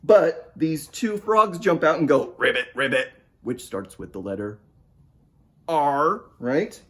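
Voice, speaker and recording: Guy doing a kids storytime read-aloud, takes his time, voice bounces all over, playful. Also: fairly high pitch. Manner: playful, talks to young listeners and asks them to join in. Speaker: children's author reading his picture book.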